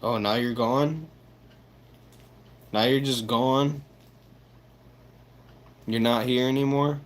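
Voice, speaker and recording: Slow-talking young male livestreamer. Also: medium pitch, steady tone. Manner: laid-back, swearing, laughing at chat. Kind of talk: casual livestream chat.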